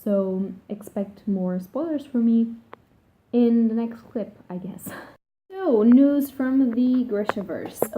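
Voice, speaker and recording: A woman vlogger chatting casually about a book she is reading, rambling and swearing freely. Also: a little high. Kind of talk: casual vlog chat. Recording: tinny phone-like sound.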